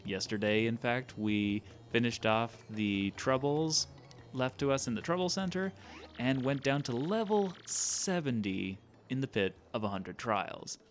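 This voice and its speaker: A man's voice: medium pitch, unhurried, faint music behind. A man streaming a game, chatting casually in a loose, joking, self-deprecating way and swearing now and then. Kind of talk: casual let's-play commentary.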